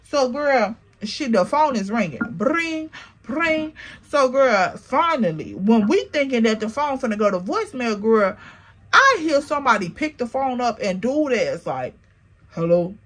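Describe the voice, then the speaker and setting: A woman vlogger tells a story in a high, husky voice. She talks to her viewers in an animated, slangy, profane way. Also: a little slow. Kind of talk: casual storytelling.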